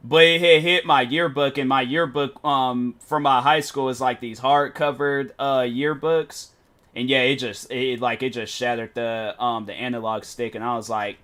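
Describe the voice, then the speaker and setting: A man's voice: mid-range voice, fairly even intonation, normal speed, a bit bright. A young man chatting casually while live-streaming games, telling rambling stories full of fillers. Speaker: game streamer.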